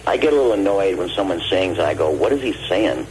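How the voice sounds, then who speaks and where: Older guy calling in, deep voice, tells studio stories and acts out the back-and-forth, faint hiss on the line. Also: fast. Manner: animated, acts out quoted dialogue. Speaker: guest vocalist and producer. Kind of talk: phone interview storytelling. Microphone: phone line. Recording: phone call with faint noise.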